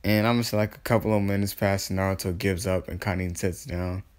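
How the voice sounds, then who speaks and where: A man spinning a fan story off the cuff in a loose, slangy ramble. He corrects himself and leans on fillers as he goes. His voice sits a little low. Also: fairly even intonation, fairly quick, darkish tone. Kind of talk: improvised fan-fiction storytelling.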